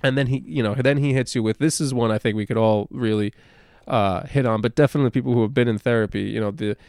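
Rambling podcast guy, smooth and dry. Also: medium pitch, fast talker, no room sound. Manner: animated, swears freely, rambling with many fillers. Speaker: podcast co-host. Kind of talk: casual podcast discussion.

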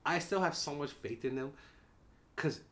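A man's voice: on the high side, normal speed, fairly bright tone. Profane, ranting man on a podcast. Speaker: podcast co-host. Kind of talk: casual sports chat.

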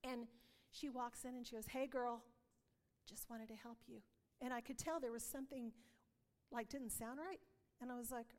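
A woman's voice: sits high, normal speed, big-room sound. A woman giving an earnest testimony sermon, telling stories and acting out dialogue. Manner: earnest storytelling, acts out dialogue. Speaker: preacher.

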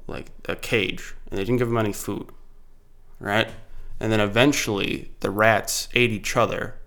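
A man's voice: fairly low pitch, steady tone, normal speed, gravelly, fairly bright tone. A young man hosting a casual podcast chat, rambling with lots of fillers and restarts. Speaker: podcast host.

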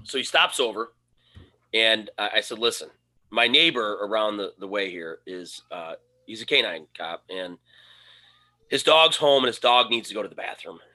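A podcast co-host with a fairly low voice tells a casual story at normal speed. He's animated and acts out his own quoted lines.

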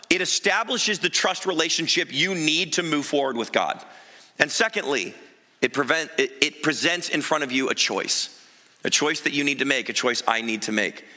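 A male pastor delivers a sermon from a church sanctuary, his fairly high voice cutting through with a sharp, ringing brightness. He preaches like a storyteller, animated and emphatic, throwing in quick asides. A long hall reverb trails behind every phrase.

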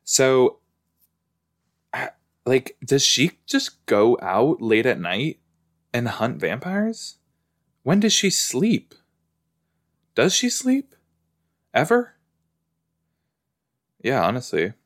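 A man's voice: medium pitch, very animated, drawn-out words, long pauses. A man hosting a reaction video, chatting casually and exclaiming and asking questions at the screen as he watches.

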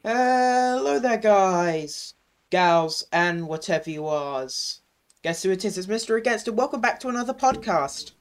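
A man's voice: sits high, moderate pace. A young man co-hosting a casual podcast, cheeky and giggly with crude quips. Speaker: podcast co-host.

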